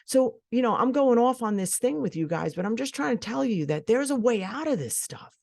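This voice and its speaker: A woman's voice: fairly high pitch, animated, fairly quick, vocal fry, a little mellow, no echo, clean studio sound. A middle-aged woman hosting a solo podcast, speaking frankly and swearing casually. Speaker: podcast host.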